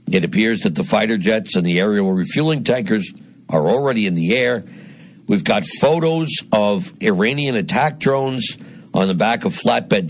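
A man hosting a radio talk show, delivering a deliberate, emphatic commentary monologue with dramatic pauses. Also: on the low side, no echo. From Northeast Pennsylvania.

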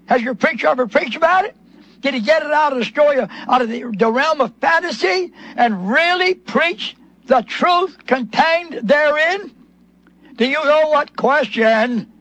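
A man's voice: extremely high pitch, unhurried, a bit bright, no echo, rough recording. A man preaching a sermon, emphatic, repeating phrases and acting out the questions of Bible figures in their own voices.

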